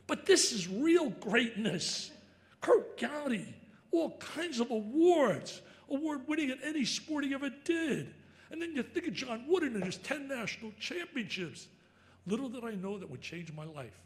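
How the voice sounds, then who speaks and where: An older man telling stories in an excitable, emphatic speech, breaking into shouts. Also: very high-pitched. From New Jersey. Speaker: sportscaster giving an induction speech. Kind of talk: storytelling speech.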